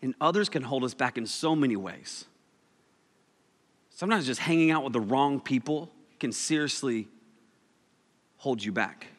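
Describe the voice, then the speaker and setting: A man's voice: medium pitch, lively intonation, normal speed, pauses often, in a large hall. A man preaching a casual, joking sermon, telling stories with animation.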